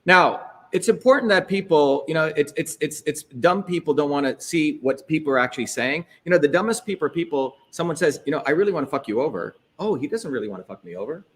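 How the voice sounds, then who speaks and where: A man's voice: a little high, lively intonation, quick pace, few pauses, fairly bright tone, husky. A man hosting a live talk, speaking bluntly and combatively with frequent profanity. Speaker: host.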